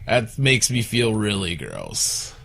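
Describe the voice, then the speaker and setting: A man in his thirties, talking casually and crudely on a podcast, with jokes thrown in. His voice is bright and a little husky, and his pitch swings widely as he talks. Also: slow pace. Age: 30s. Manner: crude, joking, bursts into animated put-on voices. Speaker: podcast co-host. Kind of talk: casual chat.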